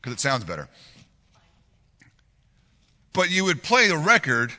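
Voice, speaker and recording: A man in his forties preaching a sermon and telling a personal story, earnest and animated, often restarting and repeating words. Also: on the high side, a little slow, long reverb tail. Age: 40s. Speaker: pastor.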